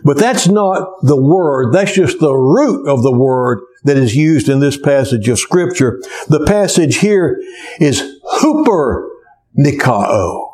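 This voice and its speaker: A man's voice: fairly high pitch, lively intonation, slow pace, darkish tone. A man preaching a sermon to a church congregation, with an emphatic cadence that rises and falls.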